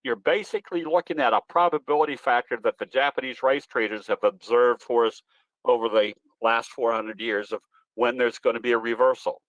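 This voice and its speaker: A man with a mid-range, fairly bright voice speaks briskly on a lo-fi recording with no room sound. He's a trading educator appearing as a guest presenter on an online trading webinar, fielding questions and explaining things in a folksy, easygoing, rambling style.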